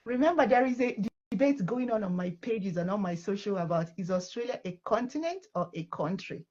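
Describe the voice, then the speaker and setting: A woman guest speaks firmly and instructively, checking in with her listeners as she goes. Her voice is husky. The sound is dull and lo-fi. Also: medium pitch, lively intonation, fairly quick, darkish tone. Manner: firm, instructive, ends points with "okay?".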